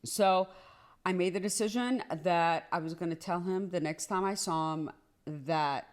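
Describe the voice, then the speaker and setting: A woman telling a personal story in a casual storytime monologue, animated and rushed, often restarting and filling with "like". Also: lowish voice. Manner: animated, rushed, repeats herself with many "like"s.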